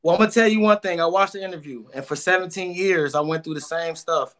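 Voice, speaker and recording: A man's voice: fairly high pitch, quick pace, fairly bright tone. Emotional man, guest answering questions. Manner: emotional, rambling, repeats words.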